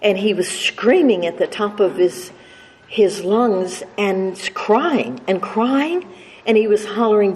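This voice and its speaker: At a recovery meeting, an older woman tells a humorous personal story to a live audience that laughs along, stuttering slightly and restarting often. Her medium-pitched, darkish voice has lively intonation and a slow pace. The meeting hall is reverberant, with faint noise.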